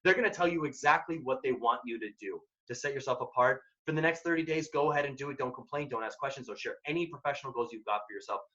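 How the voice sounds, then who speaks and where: A man's voice: mid-range voice, fast, hardly any pauses, fairly bright tone. A man presenting a career workshop, giving direct, emphatic advice in a casual way. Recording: dull lo-fi recording.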